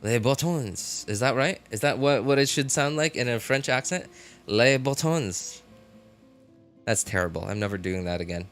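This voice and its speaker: A man's voice: medium pitch, fast, few pauses, a bit bright. A man live-streaming a game, chatting casually with his viewers, often laughing and talking straight to chat. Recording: faint music behind.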